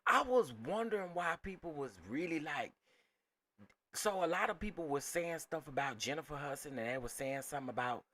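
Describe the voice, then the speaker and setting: A man's voice: a little high, lively intonation, fairly quick, sharp tone, dry recording. A man hosting a casual reaction commentary, talking emphatically to his viewers and repeating phrases. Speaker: commentary channel host.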